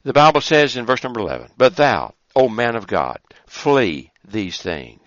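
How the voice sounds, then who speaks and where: A man's voice: sing-song, moderate pace, few pauses, fairly bright tone, no room sound, muffled recording. A man preaching a sermon, emphatic, building to fervent, repeated lines. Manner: emphatic, rising to a fervent pitch on repeated phrases.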